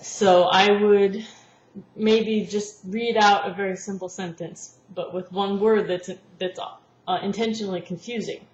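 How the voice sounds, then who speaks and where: A woman's voice: mid-range voice, steady tone, unhurried. A woman who teaches language therapy, patiently explaining a lesson plan and acting out classroom examples. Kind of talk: spoken lesson walkthrough. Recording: roomy, dull lo-fi sound with faint noise.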